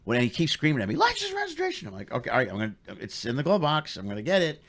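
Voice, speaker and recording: A man hosting a casual comedy podcast, telling stories in an excited way and acting out the people he quotes. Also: mid-range voice. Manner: fast, excited, acts out shouted quotes. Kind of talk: casual chat, animated storytelling.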